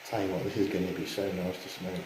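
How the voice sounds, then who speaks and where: A man's voice: low voice, level tone, fast, reverberant, background noise. A man casually chatting and explaining cigar steps as he goes. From England. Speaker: cigar vlogger. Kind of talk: casual chat and demonstration. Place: indoors at home.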